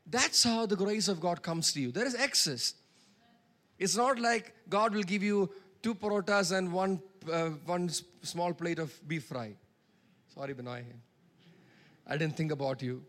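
A man's voice: sits high, lively intonation, normal speed, a bit bright. A man preaching a sermon, calling for congregation responses and drawing out key words.

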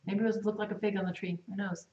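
A woman teaching a Bible study, reading verses aloud and acting out lines with lively, expressive delivery. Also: medium pitch, fast, muffled recording. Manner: animated, acts out voices while reading scripture. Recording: echoey room, voice from a distance.

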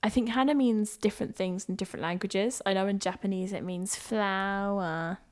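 A woman's voice: mid-range voice, fairly even intonation, normal speed. A woman co-hosting a casual podcast, chatty and playful, rambling through her thoughts. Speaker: podcast co-host. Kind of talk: casual chat.

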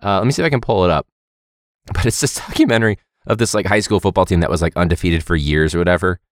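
A man's voice: deep voice, quick pace, dry recording, studio quality. A young man, a teacher hosting a podcast, talking casually and animatedly, joking and mimicking others. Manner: animated, jokey, mimics people in a loud voice.

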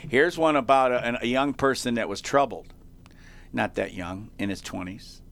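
A male talk show host excitedly telling feel-good stories in a chatty way, with frequent restarts. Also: medium pitch, normal speed, creaky. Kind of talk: animated storytelling on a talk show.

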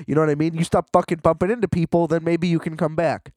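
A man hosting a podcast, delivering a casual comedic monologue with rambling, profane, animated ranting. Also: fairly high pitch, brisk, no echo, studio quality.

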